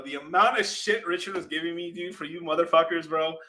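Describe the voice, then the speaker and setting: Bright-voiced, swearing man telling a story. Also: fairly high pitch, a little fast. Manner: profane, animated, laughing storyteller. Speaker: crypto channel host. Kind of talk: casual storytelling vlog.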